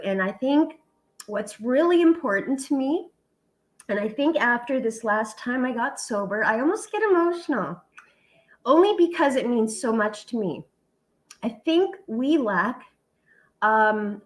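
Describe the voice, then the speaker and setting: A woman's voice: a little high, fairly bright tone, rough recording. A middle-aged woman hosting a casual chat, talking in a heartfelt, tearful way and swearing casually. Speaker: vlog host.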